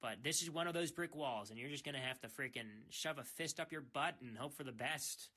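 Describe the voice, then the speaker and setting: Late at night, a young man from the United States talks into his phone, rambling with self-mocking humor and teasing. His medium-pitched voice is a little quick, pushed and bright. He's a young adult in a loose monologue.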